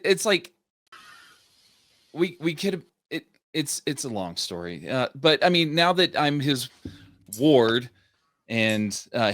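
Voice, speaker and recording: A man introducing his tabletop role-play character in a halting way, restarting his sentences. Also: mid-range voice, a bit bright, no echo, clean studio sound. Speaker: player.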